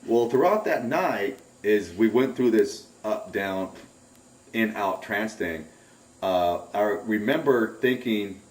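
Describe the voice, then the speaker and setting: A man's voice: fairly low pitch, slow. Man telling a story in an echoey room. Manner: rambling, excitable storyteller who acts out remembered shouts. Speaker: interviewee recounting a camping trip. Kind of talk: casual spoken recollection. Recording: roomy, distant home recording.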